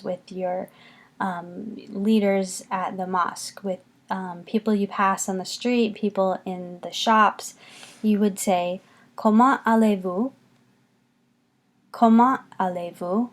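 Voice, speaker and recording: Woman teacher going real slow over french greetings, repeats everything, mid pitch. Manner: patient, slow, repeats words for students to copy. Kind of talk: recorded classroom lesson.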